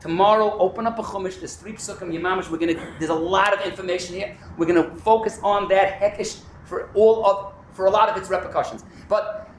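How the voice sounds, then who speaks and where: A man with a very high voice teaches a Talmud class at a fast clip, animated and often shouting. He sounds roomy and echoey. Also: slight background noise. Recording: echoey room.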